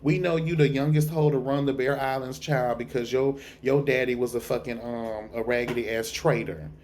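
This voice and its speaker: A tired man reviewing a TV episode in a sassy, profane, gossipy way, from a dark room at home. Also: medium pitch, steady tone, normal speed, slight background noise. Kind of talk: casual review vlog.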